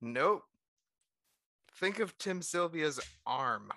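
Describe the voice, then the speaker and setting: A man with a bright, forward voice runs a quiz on a casual podcast. His pitch jumps around a lot while he talks at an unhurried pace. The sound is dry and close, with no room around it. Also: animated, dry recording. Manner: laughing, playful, reads quotes aloud. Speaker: podcast co-host running a quote quiz.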